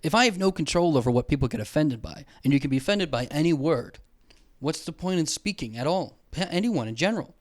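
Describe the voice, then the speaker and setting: A man's voice: on the high side, expressive, fast. Profane rambling young podcast host, a man. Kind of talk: comedic rant. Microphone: headphones and studio mic.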